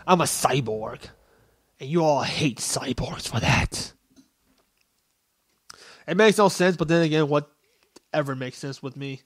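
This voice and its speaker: A young let's-play gamer speaks at a measured pace with long pauses, his voice a touch high. He keeps things casual and silly, grunting and yelping whenever he's hit and talking back at the enemies in a jokey way.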